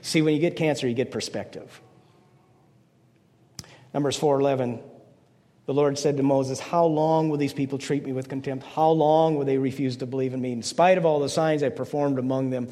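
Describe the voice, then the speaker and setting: A man's voice: medium pitch, fairly even intonation, moderate pace, dark tone, long reverb tail. An older man preaching a conversational sermon as pastor, playful, slipping into mock voices to make his points.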